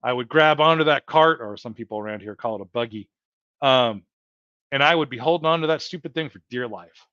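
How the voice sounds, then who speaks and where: A man livestreams in a mid-range voice that's a little fast, slightly bright and smooth, earnestly and repetitively encouraging the viewers he calls folks. It's heartfelt motivational talk, and the recording sounds dull, lo-fi and dry.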